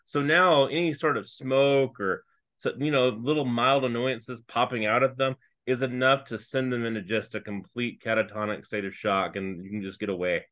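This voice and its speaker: A man co-hosting a casual podcast, chiming in with dry, joking commentary on an old TV episode. His voice sounds bright and forward, with a slightly tense edge. His asides come across as wry and playful. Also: mid-range voice, steady tone, moderate pace. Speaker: podcast co-host. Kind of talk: casual chat recapping a TV episode.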